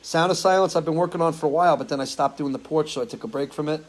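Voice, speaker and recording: A man's voice: a little high, racing, poor audio. A man who sings and hosts a live stream, chatting loosely with viewers, answering their comments and swearing casually. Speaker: singer hosting a live stream.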